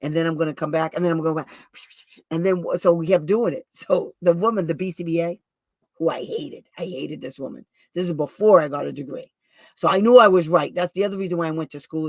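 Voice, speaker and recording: A woman hosting a show as a special education advocate, telling stories in a chatty, rambling way with asides and quick restarts. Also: low voice, no room sound. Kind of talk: casual storytelling livestream talk.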